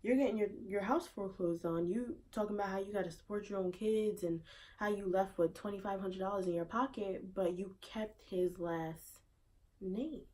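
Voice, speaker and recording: A woman's voice: mid-range voice, moderate pace, a little mellow. A woman giving her opinion casually in a vlog, repeating rhetorical questions in disbelief. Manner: conversational, with fillers. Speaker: vlogger.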